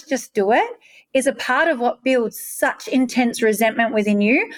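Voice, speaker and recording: A woman, a coach telling a personal story in a candid, emphatic way, swearing now and then. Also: on the high side.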